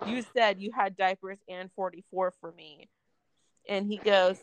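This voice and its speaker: A woman's voice: medium pitch, unhurried, no room sound. Young woman ranting about her day, swears a lot, says like constantly, dry close sound. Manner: animated venting, heavy filler words, swearing. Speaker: storyteller in a casual chat. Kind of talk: casual chat.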